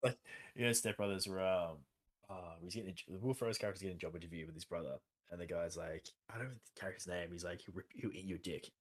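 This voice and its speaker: A man's voice: low voice, fairly even intonation, quick pace. A man co-hosting a podcast, chatting casually and throwing in jokes. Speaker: podcast co-host. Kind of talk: casual chat.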